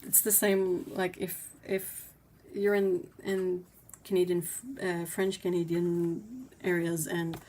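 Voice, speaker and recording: A woman hosts a casual livestream, her voice sitting a little low. She chats freely and reads viewer comments out loud between her own remarks. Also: level tone, slow pace, few pauses, a little hiss or hum. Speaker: livestream host.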